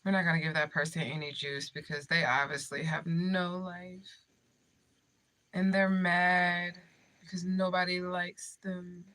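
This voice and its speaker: A woman's voice: lowish voice, little pitch movement, unhurried, pushed and bright. A woman chatting casually with viewers on a livestream, brash and profane, laughing often as she trash-talks trolls. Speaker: spiritual medium livestreamer.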